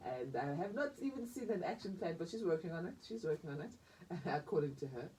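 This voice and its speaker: A woman with a South African accent hosting a radio talk show, expressive and emotional, laughing easily as she speaks. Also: fairly low pitch, quick pace, far from the mic, a little hiss or hum, rough recording. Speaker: radio host. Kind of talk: radio interview.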